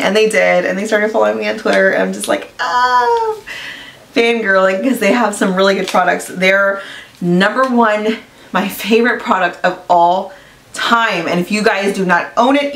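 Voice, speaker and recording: A woman beauty vlogger chatting casually through an unboxing, gushing and excitable, with lots of "like" and "you guys". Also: medium pitch, vocal fry, distant mic. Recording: echoey room, voice a bit off-mic.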